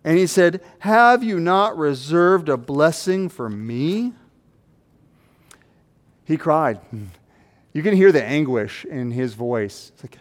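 A man preaching an expository sermon, swinging from loud, acted-out quotes to hushed asides. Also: on the high side, big pitch swings, slow pace, pauses often. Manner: acts out quoted voices.

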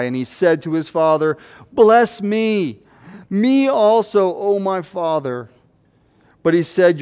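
A man preaching an expository sermon, swinging from loud, acted-out quotes to hushed asides. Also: fairly high pitch, clear, resonant tone. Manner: acts out quoted voices.

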